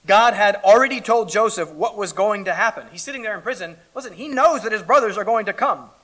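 A man preaching a sermon, reading scripture aloud and then explaining it conversationally, with big swings between loud emphasis and hushed asides. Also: high voice, a little fast. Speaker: pastor.

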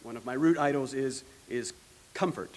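A man preaching an earnest teaching sermon as pastor, slowing down to stress key points and letting his phrases trail off quietly. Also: medium pitch, in a large hall. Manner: earnest teaching, slows for emphasis, trails off softly.

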